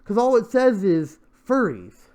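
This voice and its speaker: A young male host with a fairly high voice that leaps all over the place. He rants in a casual, sarcastic, exasperated way, sighing and stumbling over restarts as he tears into what he is reading. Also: sing-song, unhurried, a little mellow. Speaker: show host. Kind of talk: commentary on crowdfunding pitches.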